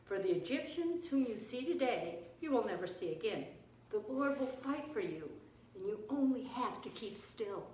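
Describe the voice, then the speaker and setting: A woman reading the part of Moses, a steady leader calming his people. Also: on the high side, moderate pace, a little hiss or hum. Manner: reassuring. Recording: echoey room, distant mic.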